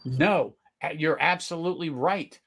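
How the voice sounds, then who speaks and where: A middle-aged man hosting a live whisky tasting, talking casually, searching for words, then bursting into excited exclamations. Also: on the high side, unhurried. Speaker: whisky tasting livestream host.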